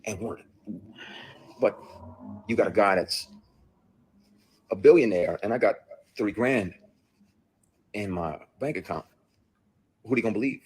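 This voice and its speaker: Man, very deep voice, husky, blunt emotional storyteller, swears a lot. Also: animated, unhurried, pauses often. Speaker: actor. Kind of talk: played clip of a personal account.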